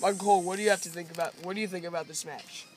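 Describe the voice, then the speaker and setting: A man's voice: high voice, fairly even intonation, racing, faint music behind, low-quality recording. A man improvising wrestling commentary and restarting his sentences often. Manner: stumbling, restarting announcer talk. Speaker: play-along wrestling commentator.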